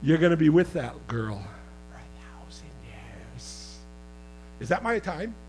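Impassioned preaching man, lively pitch. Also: takes it slowly, faint music behind, low-quality recording. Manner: impassioned, swings between loud outbursts and quiet asides; conversational, teasing the congregation. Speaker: pastor. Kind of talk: sermon.

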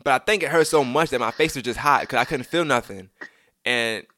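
A man's voice: mid-range voice, brisk, bright, forceful tone, no echo, studio quality. A young man casually telling a story from his childhood, rambling with many restarts and asides, and acting out the lines he quotes.

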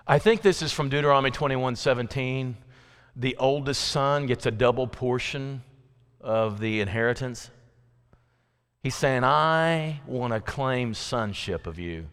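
A man's voice: measured pace, fairly bright tone, clear, resonant tone. A man preaching an evening sermon in a chatty, conversational way, asking his listeners questions and acting out quoted voices. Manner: acts out quoted voices with sudden pitch jumps. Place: church sanctuary. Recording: long hall reverb.

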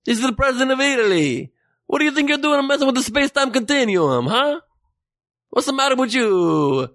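A man voicing a blustering male head of state who complains loudly on the phone. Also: extremely high pitch, sing-song, a little fast, voice pushed up, exaggerated voice. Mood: indignant. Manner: loud, indignant, then abruptly agreeable.

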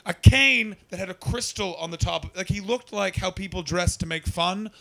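A brash man works the crowd as a stand-up comic. His voice carries a gravelly rasp, and he teases, swears and pushes hard at the people he picks on. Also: sits high, normal speed, a bit bright. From Canada. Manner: brash, profane, teasing. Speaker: stand-up comedian.

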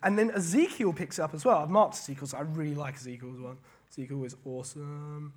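A man preaching a casual sermon, animated, often repeating words and paraphrasing scripture. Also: a little high, fast talker, slightly rough.

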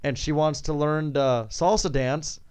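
A man chatting casually as a sports podcast co-host, rambling with lots of fillers and quick laughs. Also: a little high, steady tone, darkish tone, smooth.

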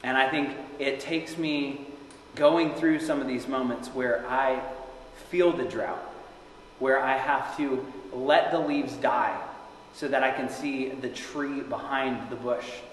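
A young man gives an earnest sermon. His voice rings through a very echoey hall with a long reverb tail, and faint room noise sits under it. He moves between steady teaching and loud, raised cries as he acts out the scripture. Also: mid-range voice. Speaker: preacher.

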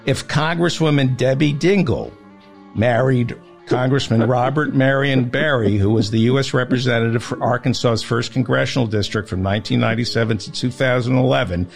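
A man's voice: medium pitch, brisk, creaky, soft background music. A man hosting a podcast, running a mock quiz and teasing his guest. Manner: teasing quizmaster. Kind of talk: casual podcast banter.

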